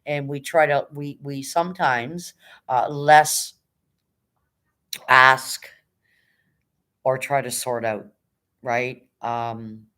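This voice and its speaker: A woman hosting a casual livestream, reading chat and cheering viewers on in a hyped, rapid auctioneer-like patter, swearing now and then. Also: extremely low pitch, fairly even intonation, a bit bright. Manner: chatty, encouraging, swears casually. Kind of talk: casual live-stream chat.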